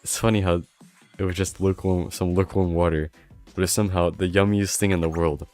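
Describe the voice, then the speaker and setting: A man reading the lines of a cheerful, wide-eyed girl soldier, a little higher and warmer than his usual talk, eager and reminiscing. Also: flat delivery, a little fast, faint music behind, lightly acted. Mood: nostalgic.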